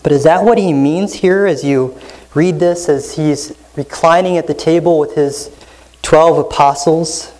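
Male pastor for a teaching sermon: steady explanatory delivery, keeps checking in with the room through rhetorical questions, reads scripture aloud. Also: a little high, measured pace, poor audio. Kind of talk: expository sermon.

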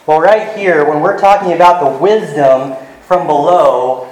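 A man's voice: a little high, measured pace, roomy sound, poor audio. A man preaching a sermon in an earnest teaching manner, walking listeners through scripture. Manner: earnest, retells scenes with lively voices.

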